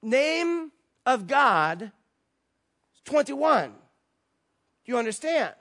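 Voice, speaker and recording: Brief: a man playing an excitable stranger, high-pitched, loud and insistent. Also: extremely slow, exaggerated voice. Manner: repeats words loudly and insistently.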